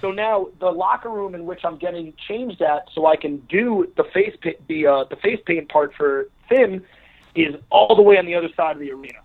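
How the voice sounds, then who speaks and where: A man's voice: high-pitched, fairly quick. A man, a podcast guest, telling a long story in a rambling casual way with many fillers and restarts. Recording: narrow phone-like line.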